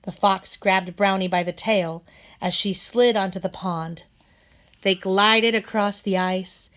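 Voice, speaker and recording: A woman narrating a children's storybook in a gentle, steady manner. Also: mid-range voice, takes it slowly. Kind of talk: storybook read-aloud.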